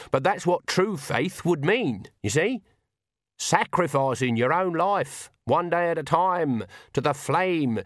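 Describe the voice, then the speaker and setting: A man's voice: mid-range voice, no echo, voice pushed up, lightly acted. A stern old witch , as a male narrator puts her on, preaches hard and blunt in a raised, pointed voice. She sounds like a fierce countrywoman from a storybook, and the reading is close and dry. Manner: forceful, preaching, sharp rural speech. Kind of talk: audiobook character voice.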